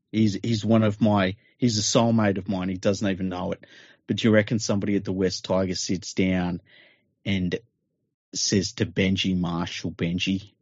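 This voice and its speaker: A man's voice: deep voice, a little mellow, slightly rough, no room sound. A man, co-hosting a sports chat show, asking eager questions. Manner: questioning, enthusiastic. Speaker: podcast co-host. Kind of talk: casual chat. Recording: dull lo-fi audio.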